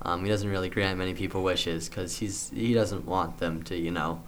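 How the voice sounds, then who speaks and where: A man's voice: deep voice, steady tone, moderate pace, a little hiss or hum. A young man casually improvising a story for a friend, rambling with fillers and restarts.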